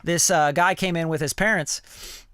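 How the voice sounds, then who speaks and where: A man's voice: on the high side, steady tone, measured pace, a bit bright, clean tone, no room sound, clean studio sound. A man who produces music, talking casually on his live stream, candid and rambling, full of "like" and "you know" and ready swearing.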